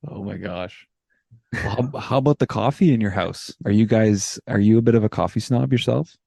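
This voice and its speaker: A man's voice: on the low side, normal speed, vocal fry, mellow, dry recording, studio quality. A man co-hosting a podcast, easygoing and laughing along in casual chat. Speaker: podcast co-host.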